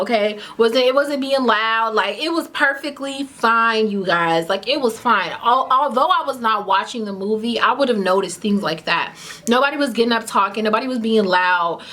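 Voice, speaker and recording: A woman in her twenties telling a casual storytime in a chatty way, filling her talk with "like" as she retells a bad date. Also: a little high. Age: 20s. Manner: chatty, many "like" fillers, lively retelling. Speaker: vlogger.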